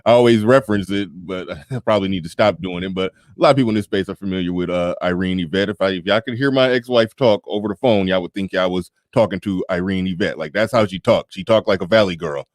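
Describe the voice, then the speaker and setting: A man as a podcast guest in casual chat, animated, laughing often and repeating words as he restarts. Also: sits low, fast talker, few pauses, no room sound, studio quality.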